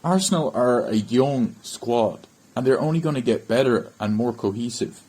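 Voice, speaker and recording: A man's voice: mid-range voice, animated, moderate pace, mellow, poor audio. An Irish man hosting a football fan channel, ranting bluntly about a bad match and swearing in frustration. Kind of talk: ranting match review to camera.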